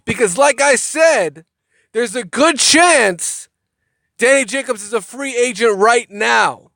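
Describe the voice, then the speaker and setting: High-voiced man ranting about boxing. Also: expressive, takes it slowly, vocal fry, sharp tone, dry recording. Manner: heated, profane, repeats words when worked up. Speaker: boxing commentator. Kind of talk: casual ranting commentary.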